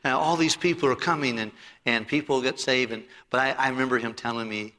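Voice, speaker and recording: A man preaching a sermon as pastor, telling stories from the pulpit, rising to loud emphasis and dropping to quiet asides. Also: mid-range voice, steady tone, brisk. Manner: preachy and anecdotal, swings between loud emphasis and soft asides. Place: church sanctuary. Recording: long hall reverb.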